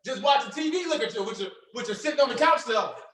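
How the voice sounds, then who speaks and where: A man coaching an audience on social media and trading, energetic and preachy, with slang and call-and-response questions. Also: very high voice, quick pace, roomy sound, rough recording. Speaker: trading mentor. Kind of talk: motivational coaching talk.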